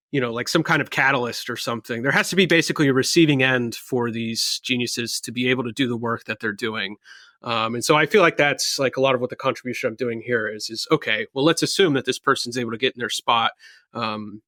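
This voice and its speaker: A man's voice: mid-range voice, bright, forceful tone, no echo, clean studio sound. A man, a researcher guest on a podcast, explaining his ideas in a casual way with many ums. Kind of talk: casual conversational interview.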